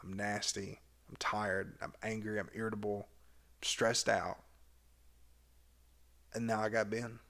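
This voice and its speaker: A man, a cheer coach, casually retelling a past season in a candid, animated way with some swearing. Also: on the low side, normal speed. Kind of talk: casual memoir storytelling.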